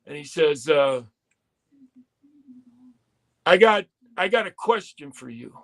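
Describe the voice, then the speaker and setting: A man's voice: a little high, expressive, takes it slowly, gravelly, fairly bright tone. A man telling a long, profane story in casual podcast chat, quoting people as he goes.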